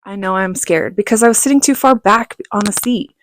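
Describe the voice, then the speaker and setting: A middle-aged woman telling a personal story in a casual vlog, animated and laughing, acting out what others said. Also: mid-range voice, fairly quick, slight background noise. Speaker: vlogger.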